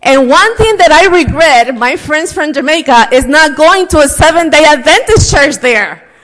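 A woman's voice: high voice, lively intonation, moderate pace, a bit bright. Female church host in middle age, talkative and personal, in an echoing church hall. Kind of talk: casual welcome speech. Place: church sanctuary. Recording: long reverb of a large church hall.

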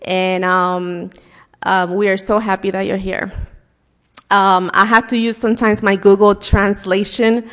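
A woman's voice: mid-range voice, flat delivery, unhurried, fairly bright tone. Female church host in middle age, talkative and personal, in an echoing church hall. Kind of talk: casual welcome speech. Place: church sanctuary. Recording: long reverb of a large church hall.

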